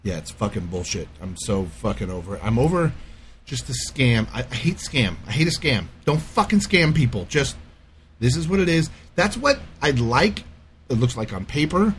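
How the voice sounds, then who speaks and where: A middle-aged man in casual podcast chat, telling a profane, animated rant. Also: mid-range voice, normal speed, slight background noise. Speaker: podcast co-host.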